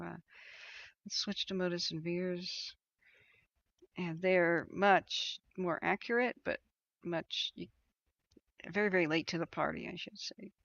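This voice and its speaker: Woman on a casual livestream, gravelly voice, talking herself through maps, lots of ums, dull lo-fi audio. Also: lowish voice, fairly bright tone. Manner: thinking aloud, hesitant, many ums and restarts. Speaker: wildfire tracking livestreamer. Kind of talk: casual live-stream commentary.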